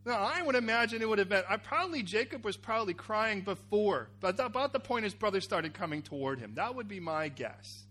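A man preaching a sermon, acting out a Bible scene with cries, shouts and asides to the congregation. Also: high-pitched, brisk, few pauses. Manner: animated, acts out characters with cries and shouts. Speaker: pastor.

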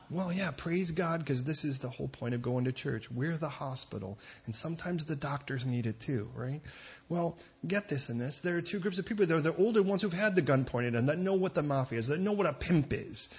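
A man preaching a sermon as pastor, conversational with joking asides and quick digressions. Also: a little high, slightly rough, lo-fi sound.

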